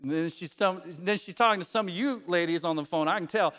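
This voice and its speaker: A man preaching a sermon as pastor, animated and joking, putting on voices to make his points. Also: sits high, brisk. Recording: long hall reverb.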